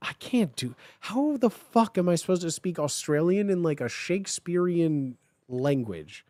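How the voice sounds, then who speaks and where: A streamer host giving a comedic dramatic reading of fan fiction, with animated, swearing asides. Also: medium pitch, unhurried, hardly any pauses, no echo.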